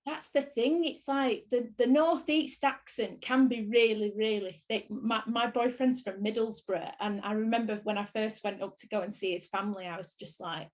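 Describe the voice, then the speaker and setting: A woman's voice: a little high, fairly even intonation, normal speed, few pauses. A woman from Bolton with a Northern English accent, chatting in an interview, rambling and laughing often. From Bolton, England. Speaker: actress, interviewee. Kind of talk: casual interview chat.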